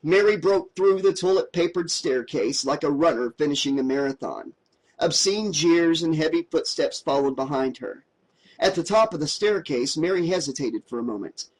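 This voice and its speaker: A man narrating a horror audiobook in a steady, dramatic storytelling voice. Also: on the high side, moderate pace, rough recording.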